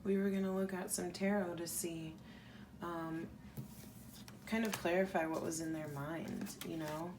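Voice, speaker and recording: A woman with a lowish voice gives a pick-a-pile tarot reading at an unhurried, drawn-out pace. Her talk is casual and rambling, full of "like". A steady background noise sits clearly under the recording. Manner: casual, rambling, heavy use of "like". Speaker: tarot reader.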